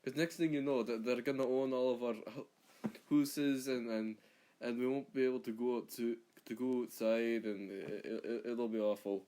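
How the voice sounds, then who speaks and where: A man's voice: medium pitch, steady tone, moderate pace, lightly acted. A man doing a put-on Scottish accent, playing a blustering hostile Scotsman who rants and stumbles over his words. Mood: ranting. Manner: shouty, rambling, ranting. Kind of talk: comedic accent impression.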